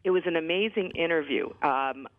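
A middle-aged woman, a guest on a radio interview, telling a personal story in a lively way with many fillers, heard over a phone line. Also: deep voice, brisk, dry recording. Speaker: guest, former White House physician.

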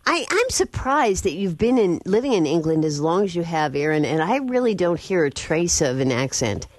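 A woman's voice: fairly low pitch, sing-song, normal speed, a little mellow, dry recording. A woman hosting a radio call-in show, taking calls and answering with brief interjections. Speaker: radio host.

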